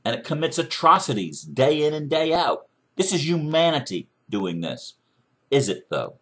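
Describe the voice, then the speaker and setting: A man delivering a fervent commentary monologue, his pitch swinging widely as he presses each point. He talks in an emphatic, preaching way and keeps firing off rhetorical questions. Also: big pitch swings, moderate pace, a bit bright. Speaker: commentator responding to another speaker.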